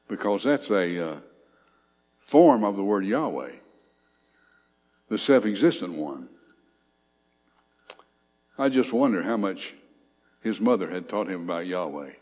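A man's voice: on the low side, darkish tone, long reverb tail. A man teaching a Bible study, reading scripture aloud and commenting on it with emphatic rising lines.

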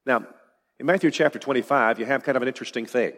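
A man's voice: mid-range voice, quick pace, a bit bright, long reverb tail. A man preaching an expository sermon, emphatic and building to rising declarations.

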